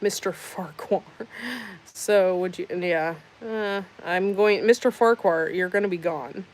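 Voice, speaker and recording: Slow, low-voiced woman livestream host. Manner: sarcastic, teasing banter with chat. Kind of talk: casual livestream chat reading comments.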